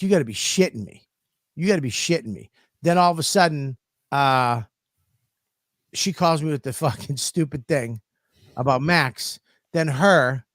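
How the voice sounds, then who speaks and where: A male podcast host rants his way through a story, cursing nonstop and growing more and more heated. His voice sits slightly high, and the recording is dry and close-miked.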